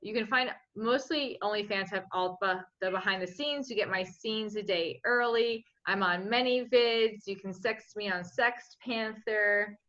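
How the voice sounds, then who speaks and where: Bright-voiced chatty young woman guest. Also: medium pitch, a little slow, few pauses, lo-fi sound. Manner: chatty, filler-heavy with frequent likes. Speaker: interview guest. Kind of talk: casual interview chat. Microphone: remote home mic.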